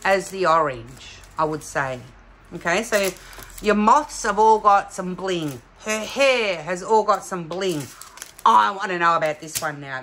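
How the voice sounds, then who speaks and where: A middle-aged woman from Australia chatting excitedly as she unboxes craft kits for her vlog. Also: on the low side, a little hiss or hum. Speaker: craft vlogger. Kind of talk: casual unboxing chat.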